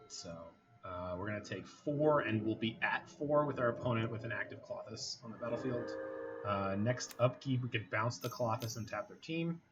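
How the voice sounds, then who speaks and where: A man giving casual commentary over a card game, thinking aloud with a wry, muttering manner. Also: mid-range voice. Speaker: game streamer. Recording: slightly dull home mic with faint noise.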